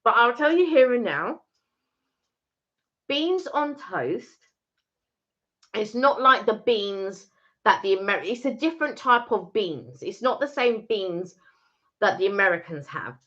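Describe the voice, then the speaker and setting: A British woman chatting on a live stream in a bright, animated voice that swings freely in pitch. She argues her case with insistent repetition. The audio is slightly muffled and lo-fi. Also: a little slow, long pauses. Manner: emphatic, persuasive, repeats her point. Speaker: co-host of a live chat stream. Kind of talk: casual live-stream chat.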